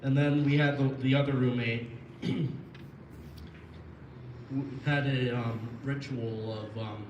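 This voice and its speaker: A man's voice: mid-range voice, fairly even intonation, takes it slowly, pauses often, darkish tone, highs cut off. A young man from Florida doing a rambling, profane stand-up set who loses his train of thought at times. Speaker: stand-up comedian. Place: live comedy venue. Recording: echoey room, mic at a distance, noisy.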